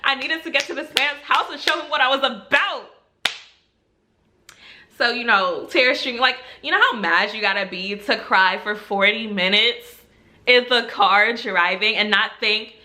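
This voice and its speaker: A young woman casually telling a personal story to camera, chatty and animated, with lots of "like" and laughs. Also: mid-range voice, measured pace. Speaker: storytime vlogger.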